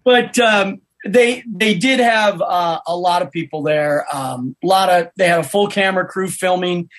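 A man, a podcast guest, telling an animated story in casual chat. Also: sits high, normal speed.

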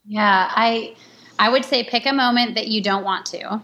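A woman with a slightly high voice speaks as an interview guest, earnest and reflective. She thinks aloud, circling back and restarting her sentences as she goes. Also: moderate pace, a bit bright, a little hiss or hum. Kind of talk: conversational interview.

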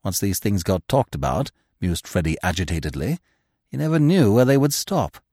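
A man narrating a comic classic novel as an audiobook, telling it with expressive storytelling. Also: on the low side, normal speed, no echo, clean studio sound. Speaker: narrator and podcast host.

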